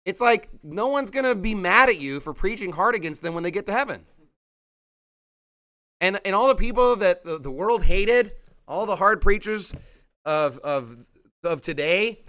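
Man preaching a sermon, high voice, bright and forceful tone, fervent, punchy rhetorical questions. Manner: fervent, rising to shouts at points of emphasis. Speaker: pastor. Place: church hall.

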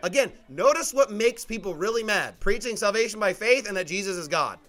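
A young man preaches a sermon in a high voice. He is emphatic and forceful and often pushes up into sharp, rising outbursts. His tone is bright and edgy. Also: animated, a little fast.

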